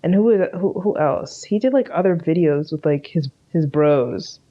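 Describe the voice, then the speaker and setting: A woman's voice: sits low, animated, normal speed, dull audio. A woman co-hosting a podcast, chatting casually, rambling, swearing freely and trailing off. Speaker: podcast co-host. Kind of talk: casual chat.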